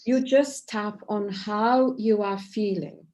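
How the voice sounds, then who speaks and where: A middle-aged woman teaches a tapping workshop over a video call, with an even, mid-range voice. She is encouraging and keeps checking in with her listeners. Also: medium pitch, slow. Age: middle-aged or older. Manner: warm and encouraging, with frequent "okay?" checks. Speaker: EFT tapping workshop leader.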